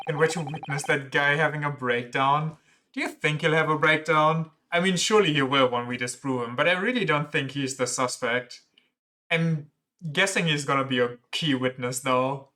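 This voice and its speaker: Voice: mid-range voice, normal speed, pushed and bright, a little hiss or hum. A streamer playing through a story game, reading lines aloud and joking about the characters. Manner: joking, reads dialogue aloud plainly. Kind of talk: game playthrough commentary.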